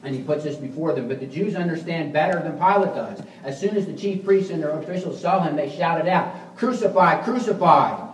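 A man's voice: fairly high pitch, a little fast, few pauses, recorded from a distance, a little hiss or hum. Preaching man in a roomy church. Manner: earnest preaching that swings from quiet to forceful emphasis; frequent restarts and repeated words. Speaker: pastor. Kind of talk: sermon.

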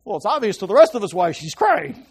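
A male preacher delivers an informal sermon. His pitch rises and falls in lively swings, and he keeps turning to his listeners to check they are following. When he reaches a key point, he sinks to a hushed voice. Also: fast talker, husky. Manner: chatty, checks in with listeners often. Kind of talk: conversational Bible teaching.

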